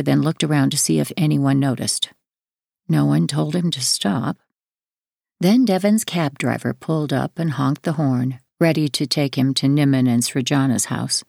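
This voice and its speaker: Low gravelly woman reading her memoir, measured, dry close sound. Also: darkish tone, no echo. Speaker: audiobook narrator. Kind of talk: first-person memoir narration.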